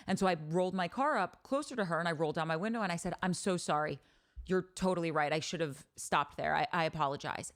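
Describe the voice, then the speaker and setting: A woman with a somewhat low voice hosts her podcast in a casual monologue. She tells stories candidly and with animation, swears freely and restarts her sentences often. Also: animated, fast talker, a bit bright. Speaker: podcast host.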